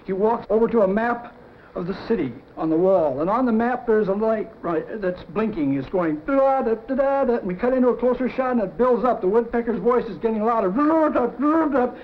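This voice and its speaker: A middle-aged man, a cartoon story man, pitching a storyboard animatedly and acting out sound effects as he goes. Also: brisk, slight background noise. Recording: dull lo-fi 1950s TV audio.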